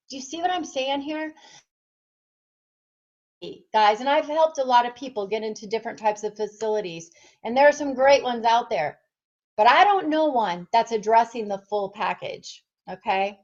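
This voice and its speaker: In a muffled recording, a woman coaching fitness and nutrition speaks directly to camera, motivating her listeners with passion and rhetorical questions. Her pitch sits fairly high, and her tone is darkish.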